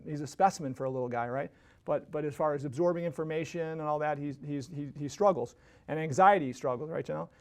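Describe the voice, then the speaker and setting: A man's voice: a little high, a little mellow. A man hosting a podcast, telling a casual story that rambles with many restarts and tag questions. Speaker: podcast host.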